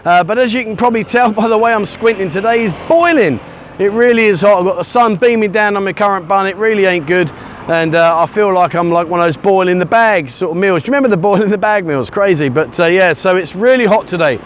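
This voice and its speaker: A man's voice: sits high, quick pace. A middle-aged English man from the UK, chatting casually and rambling with self-mocking asides as he films himself on a sunny beachfront. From United Kingdom. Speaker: vlogger. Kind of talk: casual walking vlog. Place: outdoors on a sunny beachfront by a busy road. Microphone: handheld camera at arm's length. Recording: faint outdoor traffic noise.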